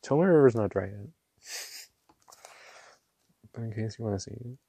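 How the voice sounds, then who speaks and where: A man gushing over ink swatches in a casual vlog, excitable and quick to laugh. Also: on the low side, vocal fry, husky. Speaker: ink reviewer. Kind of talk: casual show-and-tell vlog. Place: small home room.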